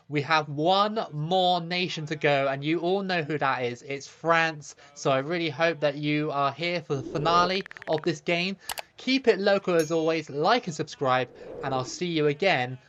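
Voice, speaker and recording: A man's voice: fairly high pitch, moderate pace, a bit bright, lo-fi sound, a little hiss or hum. A man narrating his own football video game match for viewers, eager and cheering his goals. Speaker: gaming video host. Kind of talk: excited play-by-play over gameplay.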